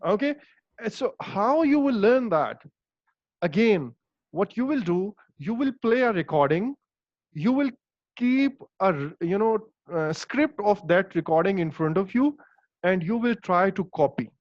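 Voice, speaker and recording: A man's voice: high-pitched, lively intonation, unhurried, no room sound. A man with a Pakistani accent, Urdu native, teaching English in an online lesson, hesitant with many fillers and stressing words. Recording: dull, dry lo-fi call audio.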